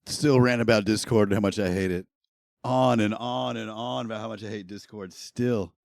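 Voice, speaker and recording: A man's voice: on the low side, steady tone, normal speed, creaky, no echo. Self-mocking male streamer, dry close sound. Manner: self-mocking, stumbles and stammers over words. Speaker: streamer hosting a gaming news show. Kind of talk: casual live-stream commentary.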